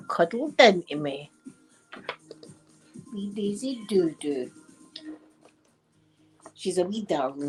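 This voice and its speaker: Scottish woman chatting away on her phone stream at home, rambly, mid pitch, faint music behind. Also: darkish tone, low-quality recording. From Scotland. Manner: chatty, rambling, repeats herself. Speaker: livestream host. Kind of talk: casual chat.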